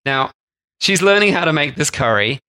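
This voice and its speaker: A man's voice: fairly high pitch, moderate pace. A man co-hosting a food travel podcast, telling a story in a casual, chatty way. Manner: chatty, animated retelling. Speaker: podcast co-host.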